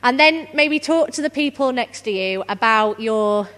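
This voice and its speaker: A woman's voice: on the high side, expressive, measured pace, a bit bright. A woman, giving a conversational workshop talk and drawing the audience in. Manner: chatty, engages the audience directly. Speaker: conference speaker leading a workshop. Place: conference hall. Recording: reverberant conference hall.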